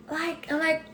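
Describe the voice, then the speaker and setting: A woman with a Québécois French accent, talking through a live podcast monologue, animated, laughing often and swearing freely. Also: high-pitched. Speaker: life coach podcast host. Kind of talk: live-streamed personal monologue. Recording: echoey room with faint ambient noise.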